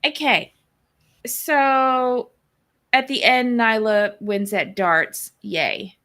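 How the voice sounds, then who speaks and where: A woman co-host on a live-streamed recap show, talking in an unhurried, drawn-out way. Her voice sits a little high, and her remarks come out blunt and sassy. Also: steady tone, fairly bright tone.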